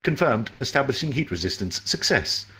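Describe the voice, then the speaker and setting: A man reading a story aloud and voicing a mechanical announcing system that speaks in flat, clipped reports. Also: mid-range voice, normal speed, slight background noise, pitched above the performer's own voice.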